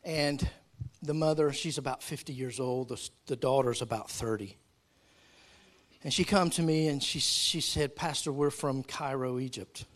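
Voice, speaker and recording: A male pastor preaching a sermon, telling a story in a calm tone before building to raised, emphatic preaching. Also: mid-range voice, a little slow.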